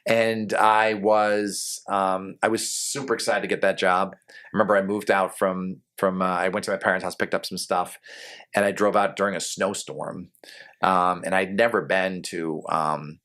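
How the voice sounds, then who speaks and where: A middle-aged man from New England, a longtime TV news anchor, telling his career stories in a relaxed, rambling way with lots of fillers. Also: low-pitched, normal speed. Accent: faint New England. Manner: rambling, many fillers and restarts. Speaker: guest, television news anchor. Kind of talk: relaxed storytelling in a podcast interview.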